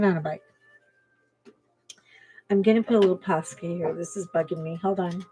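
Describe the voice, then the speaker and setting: A woman's voice: lowish voice, steady tone, moderate pace, pauses often, husky, soft background music. Chatty woman telling stories while coloring. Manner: chatty storytelling, laughing, drifts softer while working. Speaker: coloring channel host. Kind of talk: casual chat while coloring.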